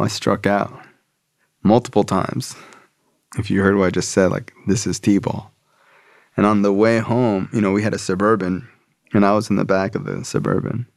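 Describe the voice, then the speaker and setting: A man's voice: lowish voice, gravelly, darkish tone, no echo, studio quality. A young man casually telling a personal recovery story, swearing and using slang. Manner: casual and profane, street slang. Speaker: speaker sharing his recovery story.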